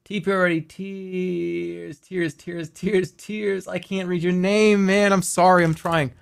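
A male streamer with a slightly raised pitch rambles playfully through his live session. He reads viewer messages aloud in a loose, joking way. The sound is close and dry, with no room around it. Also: flat delivery, slow, vocal fry, clear, resonant tone, dry recording. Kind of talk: live game stream commentary.

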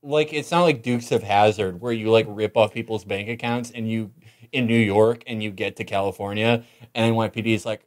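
A man's voice: medium pitch, expressive, fairly quick. A man co-hosting a podcast, mocking a film in wry, casual chat. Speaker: podcast co-host.

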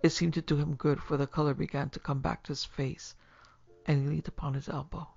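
Gravelly, husky narrator voice. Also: medium pitch. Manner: measured, steady storytelling. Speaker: narrator and producer. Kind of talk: scripted horror story narration. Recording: lo-fi recording with faint music.

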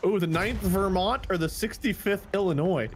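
A man co-hosting a gaming podcast, chatting casually with wry, deadpan asides while he plays. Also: sits high, moderate pace, crowd noise. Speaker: gaming co-host. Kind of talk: casual gameplay chat.

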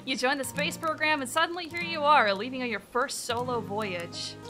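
An easygoing redneck alien pilot drawls in a folksy game voice, as a woman puts him on. The voice sits high and bright, with a loose, chatty lilt. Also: expressive, moderate pace, faint music behind. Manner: attempted rural accent.

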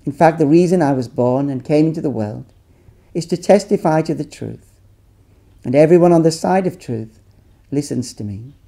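A calm accused teacher answers his judge in a scripture reading, read aloud by a man. The voice is dark and mellow, slow and deliberate. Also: on the high side, gravelly.

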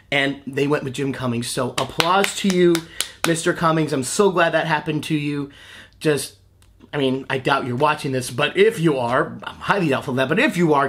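A young man in his twenties, a voice actor, talking casually to camera in a gushing, excitable way with laughs and restarts. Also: on the high side. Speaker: voice actor, channel host. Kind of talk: casual reaction vlog to camera.

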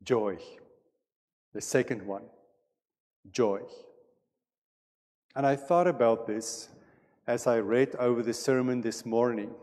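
A man preaching a sermon as pastor, with a measured and deliberate delivery in a church sanctuary. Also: mid-range voice, a little mellow. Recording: long reverb of a church hall.

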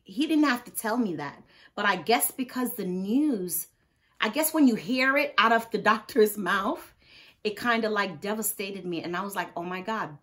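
A woman, a nurse, telling a personal story in a casual storytime vlog, earnest and heartfelt, acting out what others said. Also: mid-range voice. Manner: lively storyteller who acts out others' words. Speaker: vlogger.

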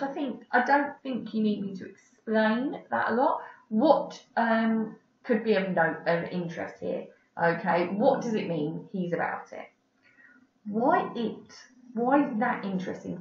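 A woman teaching a recorded English lesson over slides, chatty and full of fillers, checking "okay?" as she goes. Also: mid-range voice. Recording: roomy, distant, dull lo-fi audio with faint background noise.

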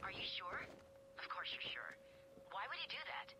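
Oracle, a brisk remote ally. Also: female voice, medium pitch, wildly swooping pitch, noisy background. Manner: brisk, questioning. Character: sharp young female remote tech ally.

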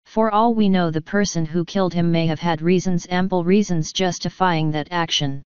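A woman reading an audiobook, voicing a bitter young woman who speaks in a cold, clear, scornful way. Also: on the low side, steady tone, moderate pace, no room sound, highs cut off, close to an everyday voice.

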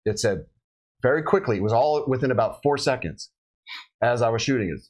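This police officer, a middle-aged man, tells the story of a shooting in a relaxed podcast conversation, acting out each voice he quotes. His mid-range voice is lively, fairly quick and a little mellow, captured on a rough recording.

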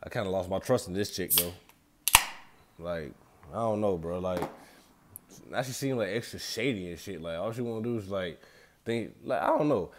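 Young guy vlogging, low voice, slangy and cussing a lot, just talking to the camera. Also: lively intonation, moderate pace, pauses often, a little mellow, a little hiss or hum. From Atlanta, USA. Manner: loose, slangy and profane, talks straight to viewers. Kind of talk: casual rambling vlog.

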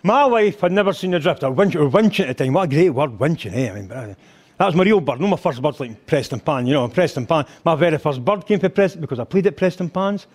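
Older Scottish man, live stand-up, lively crude storyteller, pitched a bit high. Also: fast. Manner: animated storytelling, crude, mimics voices and sings band intros. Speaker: stand-up comedian. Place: rugby club function hall.

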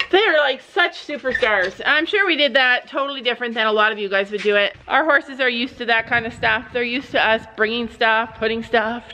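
A woman's voice: fairly high pitch, sharp tone, a little hiss or hum. A woman vlogging casually at a horse barn, chatting to her viewers and cooing praise at her horses. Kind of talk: casual vlog chat.

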